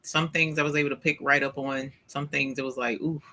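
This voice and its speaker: A man's voice: mid-range voice, little pitch movement, brisk, bright, forceful tone. A man hosting a casual livestream, greeting viewers by name and talking with playful exasperation. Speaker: livestream host. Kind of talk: casual live-stream chat with viewers.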